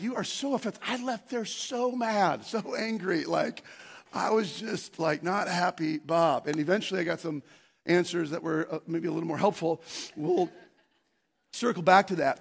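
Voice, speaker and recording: Pastor, man, high raspy voice with gravel, rambling storyteller who gets loud and excited. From Scandinavian heritage, Norwegian. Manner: rambling, self-deprecating storytelling with many restarts; breaks into loud, excited shouting when acting out scenes. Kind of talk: sermon with personal story.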